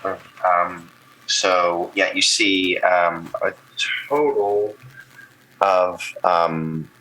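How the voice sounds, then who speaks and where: A man's voice: low-pitched, drawn-out words, poor audio. A man running a tabletop game as game master, narrating loosely with fillers. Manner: relaxed, many fillers.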